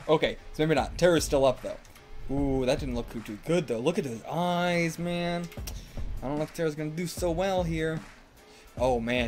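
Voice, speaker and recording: A man hosting a casual manga reaction, excitable, swearing and shouting encouragement at the page. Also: on the high side, normal speed, faint music behind. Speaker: anime reaction host.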